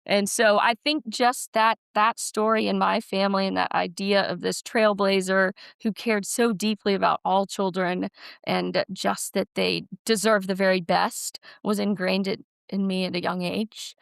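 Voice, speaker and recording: A woman's voice: medium pitch, little pitch movement, measured pace, creaky, smooth, no room sound, studio quality. A woman, a school's director of development, telling family stories earnestly in a casual podcast interview. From Alabama, USA. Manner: earnest storytelling, frequent ums.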